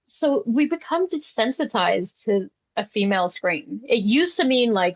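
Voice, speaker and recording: Woman podcast host, fairly high voice, blunt and opinionated, dry and slightly dull mic. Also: expressive, a little slow, few pauses, dry recording. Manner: blunt, opinionated, swears casually. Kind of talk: casual chat.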